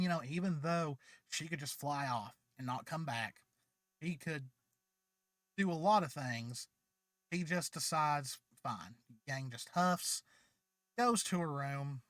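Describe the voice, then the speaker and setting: A channel host with a fairly high, bright voice and a slightly raised delivery retells a fan story in a loose, chatty way, full of ums, fillers and restarts. He sounds tired, and the recording is dry and close.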